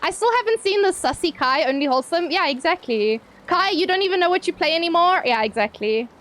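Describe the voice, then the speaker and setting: A woman's voice: very high-pitched, expressive, brisk, a bit bright. A young woman streaming live, chatting playfully with her viewers, swearing casually and laughing often.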